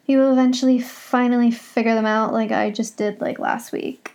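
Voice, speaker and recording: A young woman talks through her solo podcast from home in a rambling, heartfelt, confessional way. Her voice sits a little high and keeps slipping into a gravelly fry. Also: fairly even intonation, moderate pace, a little mellow. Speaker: podcast host.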